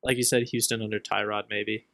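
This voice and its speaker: A young man co-hosting a sports podcast, giving relaxed, measured picks in casual chat. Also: lowish voice, no echo, studio quality. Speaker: podcast co-host.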